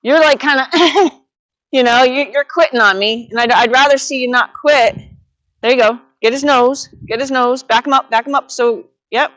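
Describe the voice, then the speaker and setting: A woman's voice: sits high, a bit bright, no room sound. Encouraging woman coaching in a dry, close recording. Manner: encouraging, directive coaching with quick repeated praise. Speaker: horsemanship instructor. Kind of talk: live coaching a student.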